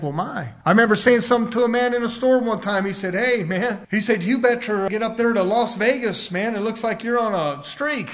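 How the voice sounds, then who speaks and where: A man's voice: sits high, a bit bright. A middle-aged man preaching a sermon, telling a personal story and rising to emphatic outbursts.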